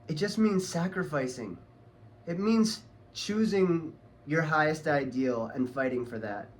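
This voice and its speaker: A man ranting heatedly on his vlog, swearing a lot and talking in a casual, angry way. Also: a little high. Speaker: vlogger.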